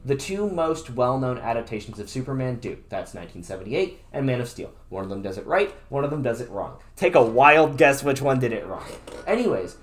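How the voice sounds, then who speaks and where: A man's voice: medium pitch, animated, a little fast. A man co-hosting a casual podcast about comics, talking with enthusiasm and tripping over restarts. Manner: enthusiastic, rambling, stammering restarts. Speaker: podcast co-host.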